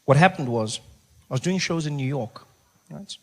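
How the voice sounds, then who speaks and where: A middle-aged man from South Africa performing a stand-up routine, telling a story in an animated way, acting out other voices and dropping to a soft hush for jokes. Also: on the high side, moderate pace. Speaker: stand-up comedian. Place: stage.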